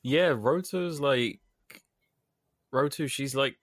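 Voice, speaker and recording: A man co-hosting a podcast in casual chat, animated and emphatic. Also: mid-range voice, slow, no echo, clean studio sound. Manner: animated, emphatic, laughs easily. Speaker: podcast co-host.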